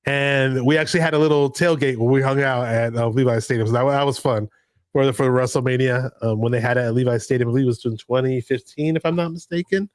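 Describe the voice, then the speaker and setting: Man, livestream host, rambling casual chat, mid pitch, dry close sound. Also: fast talker, no echo. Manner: rambling, jumps from story to story. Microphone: home streaming mic.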